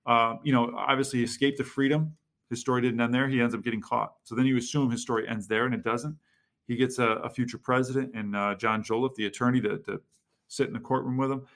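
A man's voice: mid-range voice, flat delivery, fast, a bit bright. A man hosting a history podcast, chatting with enthusiasm and reading quotes aloud. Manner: enthusiastic, reads quotes aloud then comments. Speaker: podcast host.

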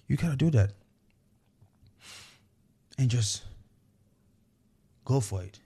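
A man's voice: lowish voice, dark tone, slightly rough. A man hosting a motivational podcast, talking straight to his listeners in an earnest, repetitive coaching manner. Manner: earnest, repetitive, coaching tone with frequent "okay" and "you know". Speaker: podcast host.

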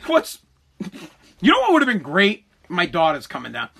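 A man's voice: sits high, wildly swooping pitch, normal speed, vocal fry, fairly bright tone, slightly rough. A man hosting a podcast, ranting heatedly with profanity and frequent restarts. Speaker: podcast host. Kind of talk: ranting political commentary.

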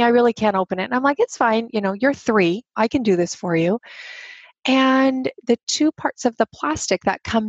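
A woman's voice: fairly high pitch, dry recording, highs cut off. A woman in her thirties telling a candid personal story, acting out the voices of the people in it. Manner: animated, acts out quoted voices.

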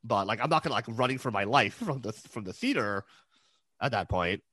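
A man's voice: fairly low pitch, lively intonation, fairly quick, sharp tone, no echo. A man recapping a TV episode in casual chat, hesitant, with many fillers and restarts. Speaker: podcast co-host recapping an episode.

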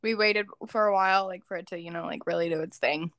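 A woman's voice: lowish voice, steady tone, quick pace, a bit bright, no room sound. A young woman co-hosting a podcast, chatting and giggling as she recounts a family story. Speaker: podcast co-host. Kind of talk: casual chat.

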